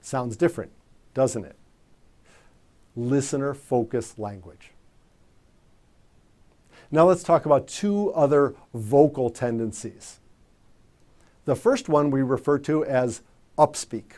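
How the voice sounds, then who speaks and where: Guy coaching on how to talk at booths, mellow warm voice, firm and clear. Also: mid-range voice. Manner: measured, emphatic coaching delivery with demonstrations. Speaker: communication trainer. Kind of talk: instructional presentation.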